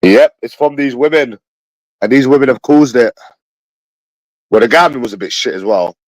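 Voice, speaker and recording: A man's voice: mid-range voice, moderate pace, dry recording, rough recording. A man with a London accent, talking to his viewers in a rambling livestream monologue. He sounds bitter, repeats himself and swears often.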